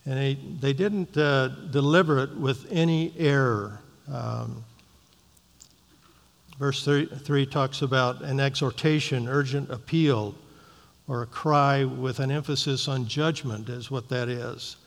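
A man leading a Bible study, reading scripture aloud and then explaining it in a measured way, with frequent ums and uhs. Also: mid-range voice, creaky. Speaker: Bible teacher. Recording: long reverberant hall.

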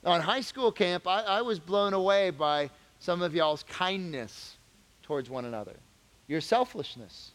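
A man teaching a youth group Bible lesson as a youth pastor, conversational and animated, rising to emphatic questions. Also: a little high, measured pace, long reverb tail.

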